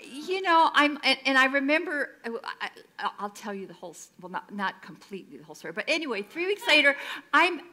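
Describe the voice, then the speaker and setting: A woman's voice: sits high, sing-song, fairly quick, bright, forceful tone. A middle-aged woman minister giving a sermon, telling a personal story in a conversational, self-deprecating way and acting out her own past lines.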